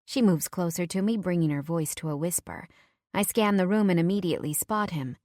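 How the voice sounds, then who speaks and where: A woman reading a first-person audiobook in a measured, low-key way. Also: darkish tone, no echo, clean studio sound. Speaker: audiobook narrator.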